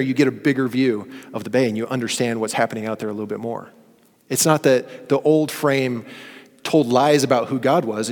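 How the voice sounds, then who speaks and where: A man preaching a sermon, earnest and story-driven, acting out quoted dialogue. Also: mid-range voice. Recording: long hall reverb.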